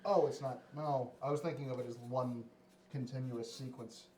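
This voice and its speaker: A man's voice: mid-range voice, steady tone, normal speed, a little mellow. A man playing a tabletop game, talking in a playful, bouncy way. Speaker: player. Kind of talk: casual tabletop play. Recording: distant, echoey, noisy mic.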